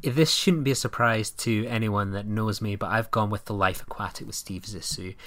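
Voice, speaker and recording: Low-voiced, enthusiastic Scottish man. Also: moderate pace, fairly bright tone. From Scotland. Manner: enthusiastic, hedging with fillers. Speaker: podcast co-host. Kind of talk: casual film chat.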